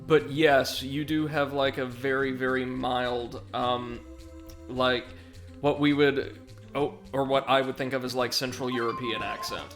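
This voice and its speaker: A man's voice: medium pitch, flat delivery, measured pace, fairly bright tone, faint music behind. Chatty man rambling through gameplay. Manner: rambling, chatty, reads chat aloud. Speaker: livestream gamer. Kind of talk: casual gameplay commentary.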